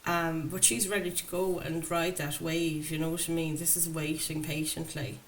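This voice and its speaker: A woman's voice: sits low, little pitch movement, moderate pace, poor audio. A woman doing a chatty, enthusiastic tarot reading, talking to her viewers. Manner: enthusiastic, chatty, laughs often. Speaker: tarot reader. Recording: faint background noise.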